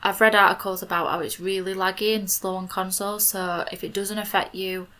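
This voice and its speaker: A woman's voice: medium pitch, little pitch movement, brisk, pushed and bright. A woman in her twenties with a Yorkshire accent, chatting casually over a game build video, rambling with lots of "like" fillers. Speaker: video creator.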